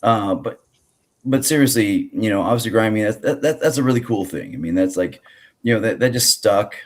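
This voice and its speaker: A man's voice: lowish voice, brisk. A man hosting a casual grappling podcast, rambling with many fillers and restarts. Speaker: podcast host.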